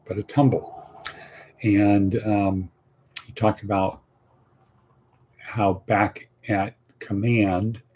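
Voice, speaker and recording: A man's voice: on the low side, dark tone, husky. A man hosting a casual motivational podcast, talking in a rambling, folksy way and repeating his phrases. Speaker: podcast host.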